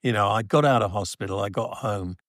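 A middle-aged Geordie man talks in a casual chat, his speech rambling and often trailing off. His voice sits low, and the room sound is dry and close. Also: brisk, fairly bright tone, no room sound. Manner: rambling, self-deprecating, trailing off.

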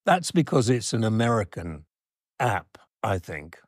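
A middle-aged Geordie man talks in a casual chat, his speech rambling and often trailing off. His voice sits low, and the room sound is dry and close. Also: sing-song, measured pace, breathy edge, dry recording. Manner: rambling, self-deprecating, trailing off.

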